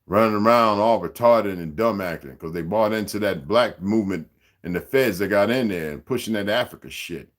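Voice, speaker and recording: Low-voiced older man ranting on a livestream. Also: fairly quick. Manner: profane, ranting, streetwise; talks straight to viewers and chat. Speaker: livestream host. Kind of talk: rambling livestream monologue.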